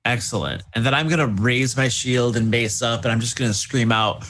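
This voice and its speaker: A man playing a tabletop game, lively and hamming up his character's taunts. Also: mid-range voice, a little fast. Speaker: player.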